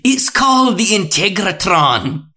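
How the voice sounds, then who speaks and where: A man putting on a loud, slow, booming sales voice like a TV shopping announcer. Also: very animated, full character voice. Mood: hyped.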